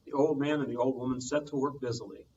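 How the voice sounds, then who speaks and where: A man, a children's librarian, reading a storytime tale aloud with lively sound effects, heard from a distance on muffled audio. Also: mid-range voice, quick pace, slight background noise.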